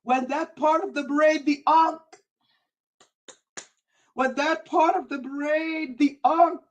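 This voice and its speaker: Very high-pitched, yelling woman preacher. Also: steady tone, slow, poor audio. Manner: impassioned, often yelling, repetitive preaching cadence. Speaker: spiritual teacher on a livestream. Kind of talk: fiery livestream preaching. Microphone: livestream setup.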